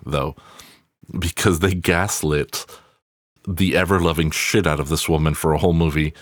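Casting note: male podcast host with an extremely low voice and a dry, close recording. Casual, swears freely, goes off on wry tangents. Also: no room sound. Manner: profane, wry, rambling asides. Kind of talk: casual solo movie review.

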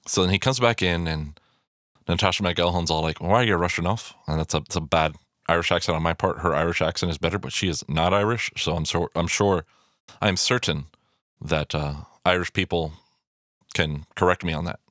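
A man's voice: sits low, fairly quick, fairly bright tone, no room sound, studio quality. A man giving casual, rambling film commentary, swearing freely and full of fillers and restarts.

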